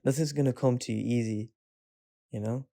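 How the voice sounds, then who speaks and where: A man's voice: medium pitch, fairly even intonation, moderate pace, gravelly, warm tone. Laid-back male podcast co-host. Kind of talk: casual chat.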